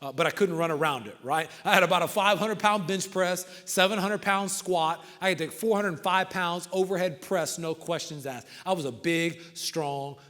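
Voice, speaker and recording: A man giving a motivational talk to coaches, telling stories and swinging from loud outbursts to hushed lines. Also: sits high, moderate pace, few pauses. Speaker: motivational speaker. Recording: reverberant hall.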